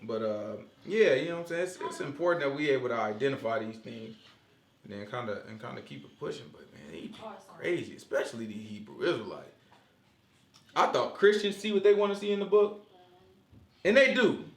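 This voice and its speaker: A man leading a casual Bible study discussion, talking in an animated, joking, conversational way. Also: medium pitch, a little fast, creaky, roomy sound.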